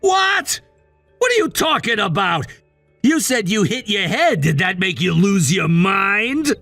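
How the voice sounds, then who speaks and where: Man doing a bossy scornful husband, high bright voice, gravelly edge, text story. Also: sing-song, unhurried, no echo, faint music behind, exaggerated voice. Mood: angry, scornful. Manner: bossy and dismissive, shouting at times. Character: controlling, scornful husband facing divorce. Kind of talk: text-message story narration.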